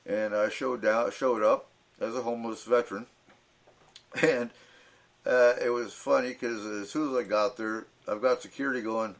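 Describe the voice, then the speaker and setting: A man hosts a radio talk show, chatting casually and telling anecdotes, acting out the voices of those he quotes. He laughs often and uses many fillers, with a medium pitch, fairly even intonation, and normal speed.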